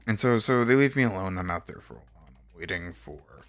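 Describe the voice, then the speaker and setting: A man's voice: sits low, lively intonation, fast, soft background music. A young man from Texas streaming a game, telling a rambling story with lots of fillers and casual swearing. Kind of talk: casual chat while gaming.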